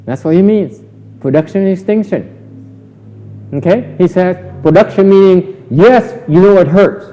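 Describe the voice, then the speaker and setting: A Buddhist teacher gives a Dharma lecture in a temple hall, his voice high-pitched, warm and unhurried. He teases and questions his audience, repeating himself a lot. The audio is dull, with reverb from the hall.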